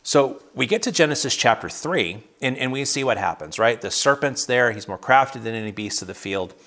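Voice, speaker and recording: A man's voice: medium pitch, lively intonation, fairly quick, pushed and bright. A man leading a casual Bible study over a video call, talking conversationally with frequent restarts and fillers.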